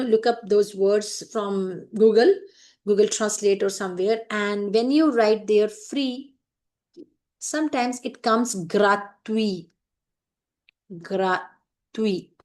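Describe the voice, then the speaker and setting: A woman's voice: medium pitch, darkish tone. Woman, Indian English accent, French teacher, patient, repeats points, asks right? a lot. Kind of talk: explaining a French writing lesson.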